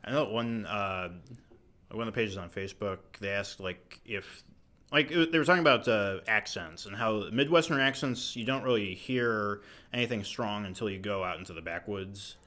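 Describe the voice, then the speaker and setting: Bright-voiced young man, lots of "like". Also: on the low side, moderate pace. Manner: lots of "like" fillers, easygoing. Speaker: podcast co-host. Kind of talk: casual chat.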